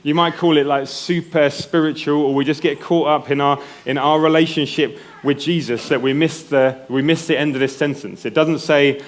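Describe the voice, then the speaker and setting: A man's voice: a little high, fairly even intonation, moderate pace, few pauses. Conversational male preacher. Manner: conversational, checks in with "right?". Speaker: pastor. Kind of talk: sermon.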